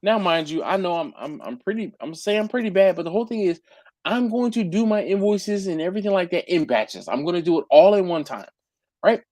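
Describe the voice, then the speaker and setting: Lively slang-talking man, dry close sound. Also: high voice, fairly quick, dry recording. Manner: animated storytelling, acts out customers' messages; uses slang like "yo", "fam", "dog". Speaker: BBQ caterer and channel host. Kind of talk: casual live group chat.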